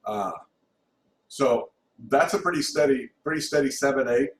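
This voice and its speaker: A man teaching music theory in an informal recorded lesson, talking haltingly with many restarts and counting beats aloud. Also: medium pitch. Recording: roomy, distant mic, faint hum.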